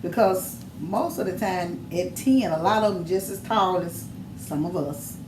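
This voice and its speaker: A middle-aged mother with a fairly low voice speaks at a measured pace on a podcast. In a casual chat, she tells stories in an emphatic, preachy way. The room is echoey and noisy.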